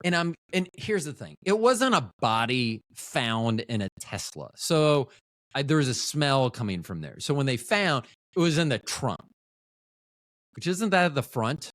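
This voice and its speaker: A man chatting through a solo podcast, his pitch swinging up and down as he rambles. He keeps cutting himself off and trailing away, tossing in offhand cursing and jokes. The recording is dry and close. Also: very animated, a little slow, a bit bright, no room sound. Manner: rambling, self-interrupting, trails off mid-thought; profane, offhand humor. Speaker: podcast host. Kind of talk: casual solo podcast chat.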